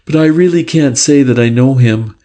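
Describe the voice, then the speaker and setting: A man's voice: medium pitch, normal speed, dark tone, pitched above the performer's own voice, natural voice. A man reading aloud, voicing a nervous young woman with a Lancashire accent who speaks anxiously and pleadingly. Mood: fearful.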